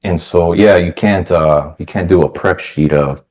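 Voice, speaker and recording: A man's voice: low-pitched, unhurried, darkish tone. A man hosting a podcast, chatting casually and telling stories, often acting out what others said. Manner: chatty storyteller who acts out quoted voices. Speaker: podcast host. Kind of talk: casual conversation.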